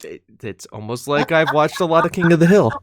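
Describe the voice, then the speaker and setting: A man co-hosting a podcast in casual, joking chat. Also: on the high side. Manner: joking, playful, does voices. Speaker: podcast co-host. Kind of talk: casual chat on a live stream.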